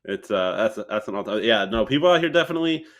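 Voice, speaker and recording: A man's voice: fairly low pitch, animated, fast talker, fairly bright tone. A young man in his twenties, a podcast guest chatting casually and rambling with many restarts. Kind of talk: casual chat.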